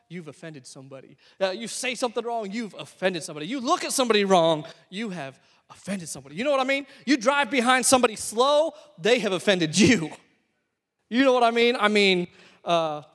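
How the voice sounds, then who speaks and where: A man preaches a sermon, with a fairly high voice. He talks in a loose, conversational way and drops in joking asides. His voice carries a long reverb from the church hall. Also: fairly bright tone. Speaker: pastor.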